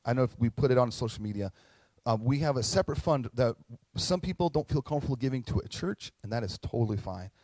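A man's voice: medium pitch, lively intonation, quick pace, a little mellow, no echo. A middle-aged man preaching a sermon as pastor, earnest and conversational, telling stories and acting out quotes. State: tearing up at moments.

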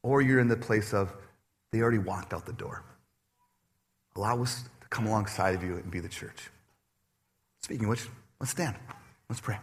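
A man preaching a sermon to his congregation, animated and personal, acting out quoted voices with laughter. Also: on the low side, moderate pace, pauses often. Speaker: pastor. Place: church stage before a congregation.

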